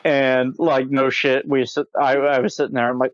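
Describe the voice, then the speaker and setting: A man's voice: mid-range voice, flat delivery, moderate pace, hardly any pauses, dry recording, lo-fi sound. A man from the Midwest, co-hosting a podcast in casual, crude, joking banter. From American Midwest. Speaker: podcast co-host. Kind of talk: casual chat.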